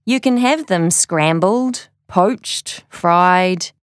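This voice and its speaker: A woman's voice: lowish voice, expressive, very slow, clear, resonant tone, no room sound. Earnest young schoolboy, read by a woman, dry close sound. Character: schoolboy twin, earnest and worried.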